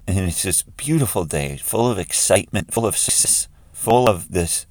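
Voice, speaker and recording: A man's voice: low-pitched, lively intonation, normal speed, a little mellow, no room sound. A man leading a guided imaginative prayer in a conversational way, with frequent restarts.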